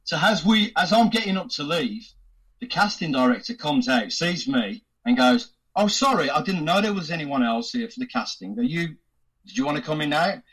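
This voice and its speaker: Lively man telling stories. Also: fairly high pitch, moderate pace, husky, low-quality recording. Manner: lively, laughs often, does voices in anecdotes. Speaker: actor, podcast guest. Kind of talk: casual storytelling interview.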